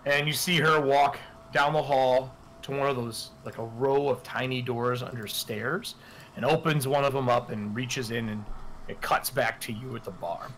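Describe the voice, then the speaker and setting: A man's voice: medium pitch, steady tone, moderate pace, a bit bright, slight background noise, low-quality recording. A man acting as game master who narrates scenes casually. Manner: casual, loose. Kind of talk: tabletop role-play narration.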